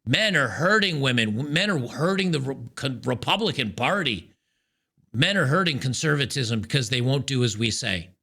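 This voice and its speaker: A man's voice: medium pitch, expressive, moderate pace, vocal fry, sharp tone. A man hosting his own commentary show, talking casually and with frustration, with frequent restarts and fillers. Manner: frustrated, ranting, many restarts. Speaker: podcast host.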